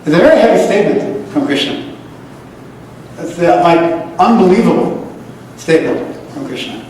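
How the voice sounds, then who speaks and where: A man's voice: on the high side, animated, moderate pace, a little mellow, slight background noise. A man from the United States giving an emphatic religious lecture, repeating key phrases and chanting Sanskrit verses. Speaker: lecturer on scripture. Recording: echoey hall, voice from far off.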